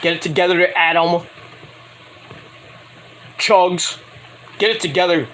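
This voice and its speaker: A man's voice: high voice, slow pace, slight background noise. A man casually recapping a wrestling show in a rambling, profane way, acting out what the wrestlers said in mock voices. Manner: rambling, animated, acts out quotes in mock voices.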